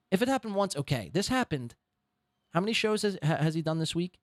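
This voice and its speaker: A podcast host with a high, very lively voice. He talks in a sarcastic, mocking way and rants as he picks apart what he has just heard. The sound is close and dry. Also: a little fast, no echo. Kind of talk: commentary on a played clip.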